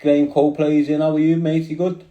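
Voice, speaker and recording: A man's voice: fairly high pitch, little pitch movement, fast talker, dull audio. A man with a Liverpool accent hosting a casual livestream, rambling in street slang and talking straight to his viewers through a phone. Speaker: livestream host. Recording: echoey room.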